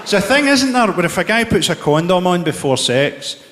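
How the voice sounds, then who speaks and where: A Scottish man in his forties doing a live stand-up set, firing off profane, dark deadpan one-liners. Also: high-pitched, normal speed, noisy background. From Scotland. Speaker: stand-up comedian. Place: large theatre stage. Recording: echoey live theatre hall with loud crowd laughter.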